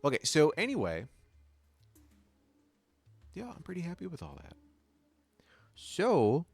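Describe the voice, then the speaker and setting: A man with a fairly high, creaky, husky voice takes his time, his pitch swinging hugely, with no echo around him. He chats casually on a live stream while making music, rambling, thinking aloud and trailing off mid-sentence, slightly lisping because of a sore tongue.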